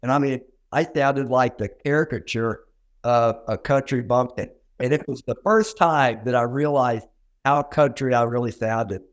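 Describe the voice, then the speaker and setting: A man's voice: medium pitch, moderate pace. An older man from Arkansas with a Southern accent, telling stories in a folksy, self-deprecating way as a dentist guest in an interview. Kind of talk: conversational interview storytelling.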